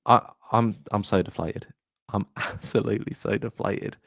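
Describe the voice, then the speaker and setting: A young man with a hoarse, fairly low voice reacts live to a football result, sounding deflated and halting as he repeats himself. He speaks close to a desk mic in a dry, dead room. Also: no room sound. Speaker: football fan streamer.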